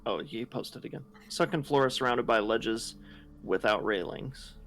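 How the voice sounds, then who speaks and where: A man playing a tabletop game who talks in a measured way and keeps the group on track. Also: mid-range voice, a bit bright, a little hiss or hum. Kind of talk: casual tabletop game chat.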